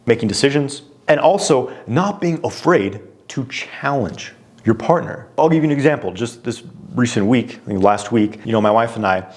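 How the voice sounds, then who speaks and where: A man coaching on relationships, speaking straight to the viewer at an ordinary mid pitch. His delivery is direct and conversational, and he often poses pointed questions. Frequent "you know" fillers run through his talk. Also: expressive, moderate pace, darkish tone.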